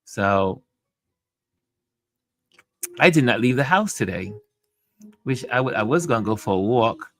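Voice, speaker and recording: A middle-aged man hosting a casual livestream chat from home, talking in an easygoing, rambling way with soft laughs. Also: on the low side. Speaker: livestream host reading chat.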